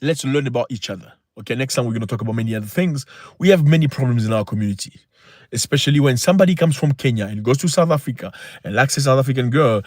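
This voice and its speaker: A man's voice: medium pitch, expressive, very fast, darkish tone, no echo, clean studio sound. A man hosting a livestream, talking in an impassioned, preachy way with many rhetorical questions. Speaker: channel host. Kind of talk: livestream talk.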